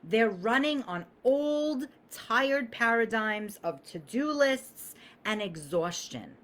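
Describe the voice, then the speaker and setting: Lively, swearing woman coach live-streaming. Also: on the high side, slow pace. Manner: emphatic, swears freely, acts out quoted voices.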